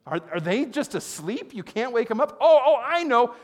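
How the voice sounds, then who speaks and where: A man voicing a prophet who mocks and taunts his rivals in a raised, lively voice. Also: a little high, brisk, pitched above the performer's own voice, close to an everyday voice. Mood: mocking. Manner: mocking, taunting. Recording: long hall reverb.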